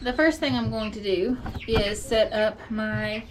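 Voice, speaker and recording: A woman's voice: mid-range voice, a little slow. A woman, casually explaining goat care in a barn feed room in a chatty, rambling way. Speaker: goat farmer. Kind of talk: casual how-to farm vlog. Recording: farm noise with clucking chickens.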